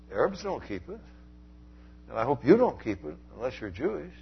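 A man preaching a Bible sermon, animated, swinging from loud emphatic lines down to quiet asides. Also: mid-range voice, normal speed, creaky, slightly rough, muffled recording.

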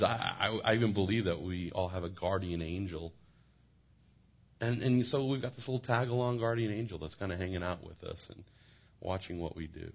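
Deep, husky-voiced male preacher. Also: lo-fi sound. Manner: animated, repeats words, joking asides. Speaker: pastor. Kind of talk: sermon.

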